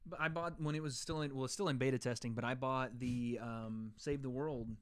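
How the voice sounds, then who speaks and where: A man's voice: medium pitch, fairly even intonation, a little fast, slight background noise. A young man hosting a casual livestream chat, joking around and reading out viewer comments. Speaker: host.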